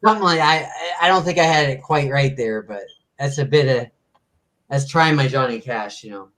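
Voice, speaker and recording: A man guesting on a livestream, chatting casually in a halting way. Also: medium pitch, fairly bright tone. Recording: roomy, away from the mic.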